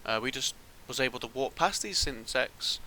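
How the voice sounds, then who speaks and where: A man's voice: medium pitch, lively intonation, normal speed, sharp tone, slight background noise, rough recording. A man giving casual gameplay commentary as a channel host, thinking aloud and rambling with restarts.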